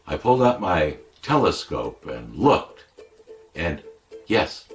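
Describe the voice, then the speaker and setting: A man playing a boastful, wisecracking older comic who tells tall tales in a deadpan, rambling way. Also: sits low, takes it slowly, soft background music, exaggerated voice. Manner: deadpan, rambling, self-contradicting. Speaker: comic editorial presenter. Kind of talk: comedic monologue.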